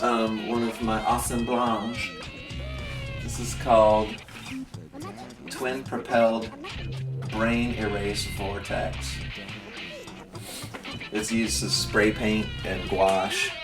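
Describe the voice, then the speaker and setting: Playful, campy man, low voice. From Massachusetts, USA. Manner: playful, giggly, campy asides. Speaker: artist and musician interviewee. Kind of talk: candid interview and studio tour. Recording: roomy and distant, music behind.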